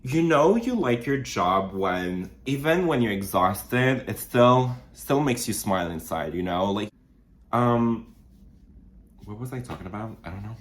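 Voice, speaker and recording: A deep-voiced young man with a French Canadian accent chats casually to camera in his small studio apartment. He rambles, with frequent fillers and restarts, and his voice often leaps up before settling low again. Faint room ambience sits behind him. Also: animated, measured pace, slight background noise. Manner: rambling, many fillers and restarts, sudden jumps up in pitch. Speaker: vlogger. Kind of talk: casual chat while doing makeup.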